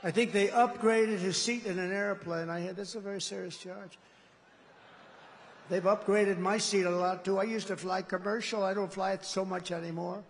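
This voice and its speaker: A man's voice: sits high, steady tone, moderate pace, slight background noise. A man giving a rambling, boastful rally speech as a political candidate in a large indoor arena. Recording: long arena reverb.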